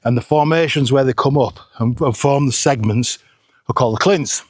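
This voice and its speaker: A man's voice: mid-range voice, normal speed, no echo, clean studio sound. A middle-aged man, chatting casually and joking at his own expense while vlogging outdoors on a hillside. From England. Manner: chatty, self-deprecating, jokey. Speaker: photography vlogger.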